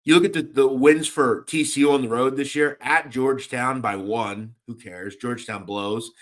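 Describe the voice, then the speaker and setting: A young man talks through basketball betting picks in a loose, animated way, riffing between games and calling out to listeners in the chat. His voice sits at an ordinary middle pitch, and his talk is casual and full of fillers. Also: moderate pace. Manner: animated, chatty, shouts out chat viewers. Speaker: sports betting radio host.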